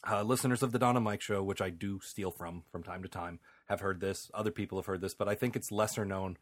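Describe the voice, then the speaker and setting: Man, podcast host, casual comedy chat, low pitch, dry sound. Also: steady tone, fast, dry recording. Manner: rambling, with frequent fillers and laughs.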